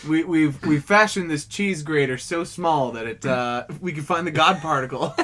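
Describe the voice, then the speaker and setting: A man co-hosting a comedy podcast, firing off quick absurd one-liners in casual banter. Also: a little high, a bit bright. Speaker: podcast co-host.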